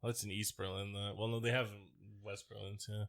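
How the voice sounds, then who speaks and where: American male podcast co-host, bright tone, profane joking riffs. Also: lowish voice, little pitch movement, a little fast. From United States. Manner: profane, joking, riffing on bits. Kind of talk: casual podcast chat.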